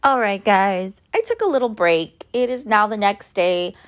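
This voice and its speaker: A woman's voice: mid-range voice, lively intonation, normal speed. A woman in her mid-thirties chatting casually to her viewers at home, ranting and swearing freely. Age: 30s. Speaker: vlogger. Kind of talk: casual chat to camera. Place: at home, kitchen sounds.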